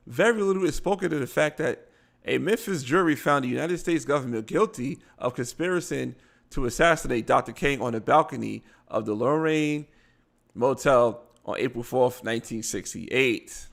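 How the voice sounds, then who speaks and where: A man with a Baltimore accent and a gravelly, mid-pitched voice hosts a casual live show. He reads news articles aloud, trips over long words, and breaks off with blunt asides. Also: moderate pace, a bit bright.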